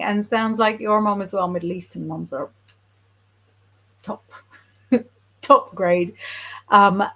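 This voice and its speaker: Woman doing a live stream, chatty and frank, reads out comments from viewers, mid-pitched voice. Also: fairly bright tone. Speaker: psychic development teacher.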